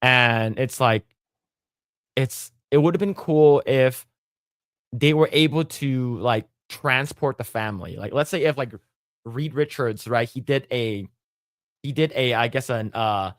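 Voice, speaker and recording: A man hosting a casual podcast chat at a mid pitch. He rambles through thoughts with frequent fillers and restarts, and the sound is dry and close. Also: a little slow, no room sound. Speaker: podcast host.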